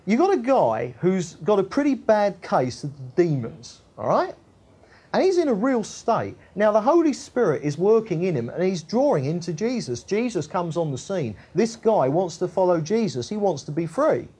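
A woman's voice: lowish voice, sing-song, moderate pace, mellow, slightly rough. A woman teaching the Bible in a chatty, colloquial way, reading verses and checking in with tag questions.

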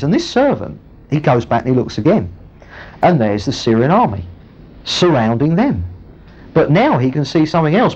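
Male preacher, lively higher voice, dull lo-fi sermon recording. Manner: storytelling, animated, acts out the characters. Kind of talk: sermon retelling a Bible story. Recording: muffled lo-fi recording.

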